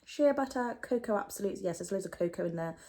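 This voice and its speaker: A woman's voice: mid-range voice, expressive, quick pace, dark tone. A young British woman chatting casually through a product unboxing, rambling with lots of fillers and asides. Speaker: beauty vlogger.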